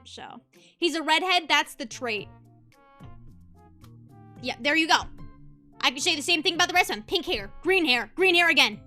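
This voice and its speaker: A woman's voice: high-pitched, animated, normal speed, pauses often, bright, forceful tone, faint music behind. A young woman streaming as a VTuber, ranting passionately in casual commentary and laughing easily.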